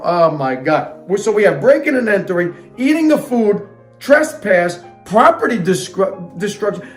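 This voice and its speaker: A man's voice: high-pitched, echoey room. A man reading a fairytale aloud and breaking off into sarcastic, indignant comic rants. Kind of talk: comic storybook reading with ranting asides.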